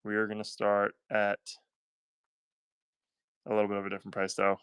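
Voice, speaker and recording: A man's voice: fairly low pitch, monotone, normal speed, a bit bright, smooth, no room sound. A man with a Southern US accent hosting a live-stream coin auction, talking in upbeat, chatty selling patter and thanking buyers by name.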